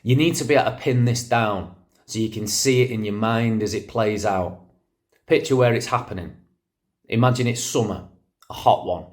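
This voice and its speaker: A man's voice: lowish voice, normal speed, close to an everyday voice. A man reading as a streetwise Manchester boy. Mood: vivid. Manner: vivid, direct, addressing the listener. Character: streetwise ten-year-old boy from a city estate. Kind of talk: poetry reading in first person.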